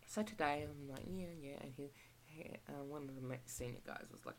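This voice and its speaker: In a casual rant vlog, a young Australian woman chats rambly and relaxed about her retail job, occasionally acting out exchanges with customers and coworkers. She speaks at normal speed in a low voice with gravelly fry, over a steady hiss in the home recording.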